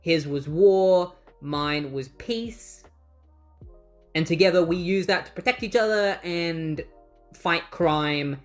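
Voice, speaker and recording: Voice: medium pitch, takes it slowly, soft background music, close to an everyday voice. A comic reviewer paraphrasing a young female hero's lines in a casual, everyday voice. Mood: earnest.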